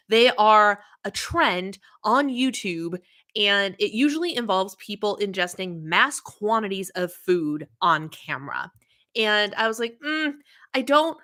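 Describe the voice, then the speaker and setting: A woman's voice: medium pitch, pushed and bright. A woman hosting a casual livestream, chatting and greeting viewers by name. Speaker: livestream host.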